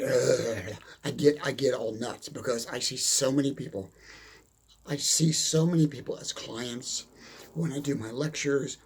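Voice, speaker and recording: A man's voice: on the high side, a little mellow. A middle-aged man giving a blunt, emphatic motivational talk, repeating his points and cursing mildly. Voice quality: gravelly, husky. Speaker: motivational speaker. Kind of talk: motivational monologue.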